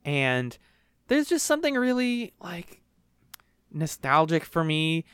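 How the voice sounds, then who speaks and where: A young man co-hosting a podcast, chatting casually and rambling through animated retellings. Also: fairly high pitch, slow pace, clear, resonant tone, no echo, studio quality. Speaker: podcast co-host. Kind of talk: casual chat.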